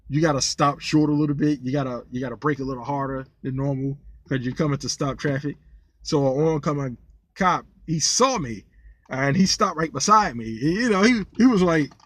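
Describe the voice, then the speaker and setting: Speaking in a fairly high voice on a dry recording, this man rambles casually to camera, venting and spinning stories while repeating words. He's a vlogger who used to drive for a rideshare service. His energy is lively, and he gets incredulous telling the funny ones.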